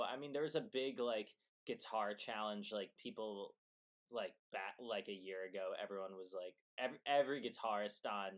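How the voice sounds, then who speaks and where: A man's voice: mid-range voice, fairly bright tone. Rambling laid-back man guest. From Chicago. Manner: loose, rambling, filler-heavy. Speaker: guest guitarist. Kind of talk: casual interview chat.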